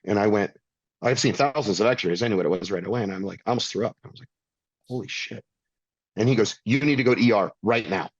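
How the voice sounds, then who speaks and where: A man's voice: on the low side, fast talker, dry recording, lo-fi sound. A middle-aged man telling a blunt, intense personal story as a podcast guest, swearing freely. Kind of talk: candid storytelling.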